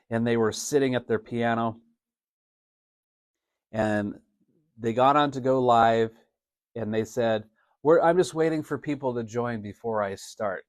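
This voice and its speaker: A man's voice: medium pitch, no room sound, studio quality. A man hosting a live podcast, talking casually, laughing often and acting out mock announcements. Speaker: podcast host. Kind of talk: casual live-stream talk.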